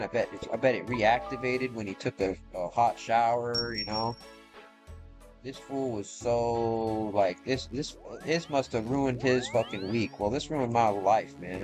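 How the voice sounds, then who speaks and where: A young man rambles through a long grievance while he plays, swearing freely and circling back over the same points. His voice sits at an ordinary middle pitch for a man, and game music plays clearly underneath him. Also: rough recording. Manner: rambling, profane, aggrieved. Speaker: streamer. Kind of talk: casual chat while gaming.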